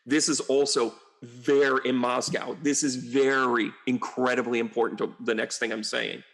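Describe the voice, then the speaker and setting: A man, a psychic medium, rambling through casual commentary full of asides and exasperated outbursts. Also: medium pitch. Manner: rambling and animated, with frequent asides and mocking quotes. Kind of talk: casual political commentary monologue.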